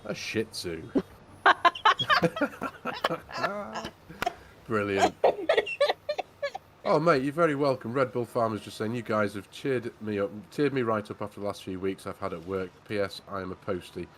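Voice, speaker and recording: A man's voice: on the low side, moderate pace, heavy background noise. A man, co-hosting a farming game livestream in casual, jokey chat and reading out viewer messages. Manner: jokey, chatty, says mate a lot, reads chat messages aloud. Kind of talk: casual live-stream chat.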